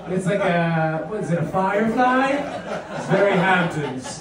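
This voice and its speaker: A young man doing a stand-up comedy set at a house party, animated and slipping into mock voices of his mom and friends. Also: sits high, a little slow, over a noisy crowd. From New York. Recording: echoey room, from a distance.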